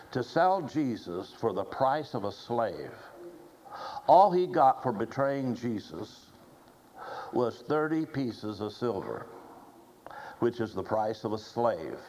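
A man preaching a sermon, slow and deliberate, quoting scripture as he goes. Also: mid-range voice, a little mellow, a little hiss or hum, rough recording.

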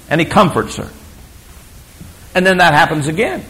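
Preacher guy, gravelly voice, swoops up and down a lot, emphatic then hushed. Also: a little high, lively intonation, normal speed, pauses often, low-quality recording. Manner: emphatic, storytelling, swings between loud and hushed. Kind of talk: sermon.

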